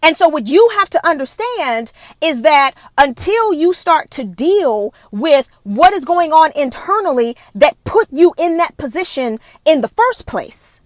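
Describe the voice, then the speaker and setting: A woman's voice: high-pitched, very animated, measured pace, hardly any pauses, dry recording. A woman wellness coach giving a live-streamed motivational talk into her phone, emphatic and repetitive, driving her points home with a preachy insistence.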